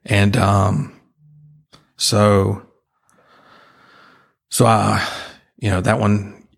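A man earnestly retelling a personal experience as an interview guest, halting and full of restarts. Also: lowish voice, level tone, gravelly.

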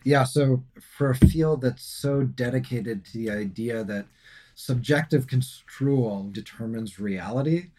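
A man's voice: mid-range voice, unhurried, mellow. Male podcast host, thoughtful, questioning, conversational. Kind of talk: casual conversation.

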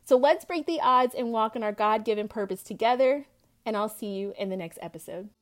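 Earnest woman podcast host, higher voice. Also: brisk. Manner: earnest, heartfelt, quoting scripture. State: tearful at times. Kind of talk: personal faith testimony podcast.

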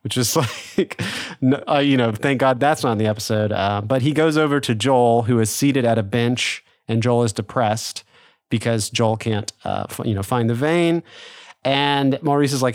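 A man's voice: medium pitch, normal speed, a little mellow, smooth, no echo, studio quality. A man co-hosting a podcast, chatting casually about an episode, laughing often and trailing off with fillers. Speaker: podcast co-host. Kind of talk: casual chat.

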